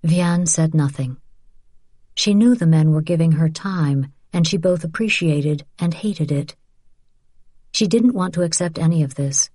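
Low, dark-voiced woman narrating an audiobook. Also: unhurried, no room sound, clean studio sound.

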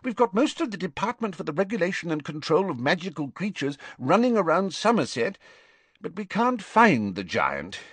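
Flustered, defensive wizard minister, high and agitated, read by a male narrator. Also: sing-song, normal speed, a bit bright, slightly rough, no echo, full character voice. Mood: miserable. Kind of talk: audiobook character voice.

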